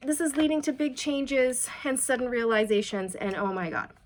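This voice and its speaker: A woman's voice: on the high side, normal speed, hardly any pauses. A woman giving a chatty, reassuring tarot reading and passing on channeled messages directly to her viewers. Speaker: tarot reader.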